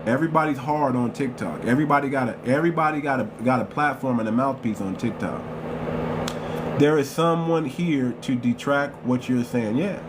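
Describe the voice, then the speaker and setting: A man's voice: mid-range voice, normal speed. Fired-up man hosting a noisy livestream. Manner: confrontational, repeats phrases for emphasis. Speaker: livestream host. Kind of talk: heated live-stream commentary.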